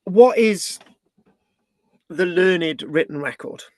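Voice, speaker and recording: A man's voice: sits high, takes it slowly, darkish tone, no echo. Rambling British male history presenter. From Britain. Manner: rambling, with frequent restarts and tag questions. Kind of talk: live online history talk.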